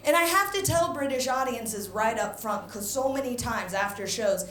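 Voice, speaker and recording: An American woman performing an animated stand-up comedy set on a stage microphone, switching into quick mimicry. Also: fairly high pitch. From United States. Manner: brash, animated storytelling with mimicry. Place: comedy stage with live audience. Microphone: handheld stage microphone. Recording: echoey venue, audience noise.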